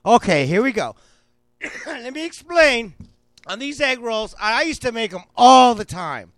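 A man hosting a comic cooking show, loud and rambling as he jokes through a recipe. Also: very high-pitched, very animated, unhurried, no room sound.

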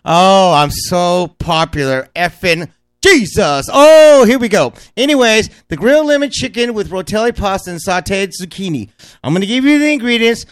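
A man's voice: high voice, very animated, normal speed, a bit bright, no room sound. A middle-aged man from Southern California hosting a speed cooking show, rambling and brash with lots of fillers. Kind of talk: fast casual cooking talk.

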